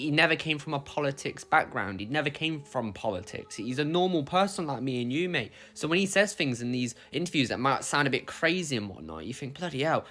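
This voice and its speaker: A man's voice: a little high, fairly bright tone. Blunt, swearing British man. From United Kingdom. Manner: blunt and profane, says "mate" constantly. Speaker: vlogger. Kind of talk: casual opinion rant to camera.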